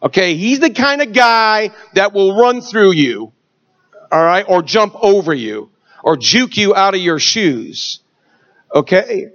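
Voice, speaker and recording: Animated high-voiced male preacher. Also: takes it slowly, lo-fi sound. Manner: swings from shouting to hushed storytelling. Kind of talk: sermon testimony.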